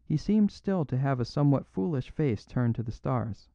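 A man narrating a classic story in a measured, even storytelling voice, in a dry, dull recording. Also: medium pitch, gravelly, no room sound. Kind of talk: audiobook narration.

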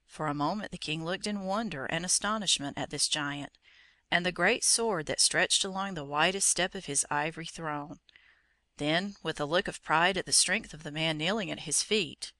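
Bright, dry storybook narrator. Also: medium pitch, no room sound. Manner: steady, measured storytelling.

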